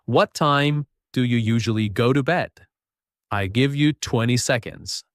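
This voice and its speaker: A man teaching a beginner English lesson, speaking slowly and patiently and modeling sentences for listeners to repeat. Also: medium pitch, no echo, clean studio sound. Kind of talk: slow, clear spoken English lesson.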